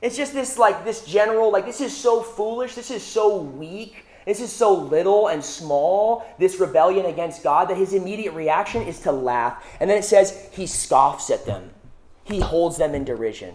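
A young male preacher delivering a sermon in a relaxed, conversational style. He leans on rhetorical questions and casual fillers as he explains a scripture passage. His delivery is informal and unscripted. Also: high-pitched, moderate pace.

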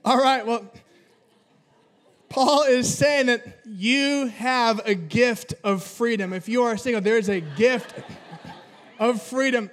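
Male pastor with a high voice, preaching with comic family anecdotes. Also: takes it slowly, long pauses, fairly bright tone. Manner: humorous storytelling with acted-out family dialogue. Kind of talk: sermon.

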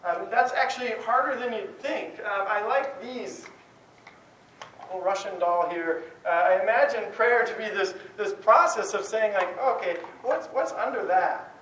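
A man's voice: high-pitched, measured pace, fairly bright tone. A man giving a conversational sermon, talking candidly in a rambling way with many restarts. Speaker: speaker giving a talk on prayer. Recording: roomy, distant, faint noise.

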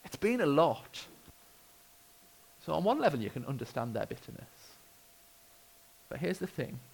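A man's voice: a little high, very animated, normal speed, gravelly, slightly rough, poor audio. A British man preaching a sermon, telling the story with expression and wry humour. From United Kingdom.

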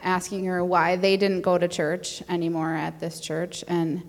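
A woman's voice: lowish voice, level tone, measured pace, long reverb tail. A young adult woman chatting casually as a guest, rambling with fillers and little laughs. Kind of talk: casual conversation.

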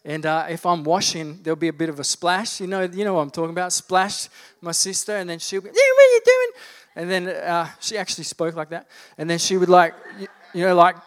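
A man's voice: sits high, little pitch movement, a little fast, a bit bright. A man in his thirties preaching a sermon, telling humorous childhood stories in a loose, conversational way before building to fervent preaching. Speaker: pastor.

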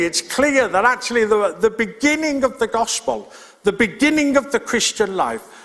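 A man's voice: high-pitched, a bit bright, long reverb tail. A male pastor preaching a sermon in an earnest, plain-spoken way, repeating his key points. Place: church.

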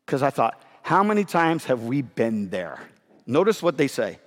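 A male pastor preaching a sermon in an emphatic, conversational way, hoarse and short of breath from losing his voice. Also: medium pitch, sing-song, moderate pace, big-room sound.

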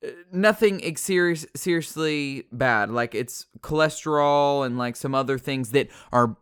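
Man, slightly high voice, smooth, rambling profane rant, sarcastic, lots of fillers. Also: unhurried, fairly bright tone. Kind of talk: casual unscripted rant.

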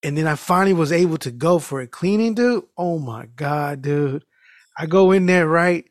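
A man's voice: fairly high pitch, moderate pace, no echo, clean studio sound. A man hosting a podcast, telling a loose, profane anecdote that is full of restarts and "dude.". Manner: animated storytelling with many restarts. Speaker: podcast host. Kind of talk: casual chat, rambling anecdote.

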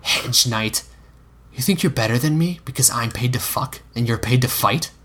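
A man reading a story aloud and voicing a bold, sharp-tongued adult woman with a lifted pitch. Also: moderate pace, breathy edge. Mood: scornful. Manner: coy, teasing, turning scornful.

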